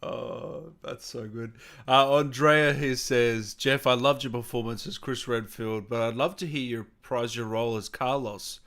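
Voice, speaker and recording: A man's voice: mid-range voice, steady tone, unhurried, gravelly, few pauses, fairly bright tone. A man hosting a casual interview, reading out fan questions in an easygoing, joking way.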